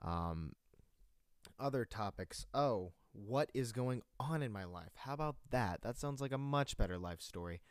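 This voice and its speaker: A man's voice: medium pitch, expressive, unhurried, no echo. A young man from North Carolina hosting his own amateur radio show, rambling and self-mocking with many fillers and restarts. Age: late teens. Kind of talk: rambling solo radio talk. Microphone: headphones and desk mic.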